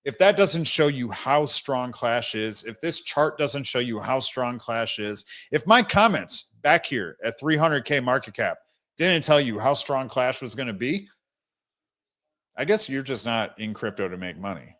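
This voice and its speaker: A young man hosts a casual crypto livestream, his mid-range voice expressive, unhurried and fairly bright. He talks bluntly and rambles with many restarts while fighting the hiccups and running short of breath.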